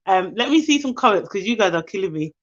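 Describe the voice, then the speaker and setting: On this muffled recording, the woman speaks fast with a medium pitch and an animated delivery. She's running a casual live stream, speaking heartfelt words to her viewers and reading their comments out loud.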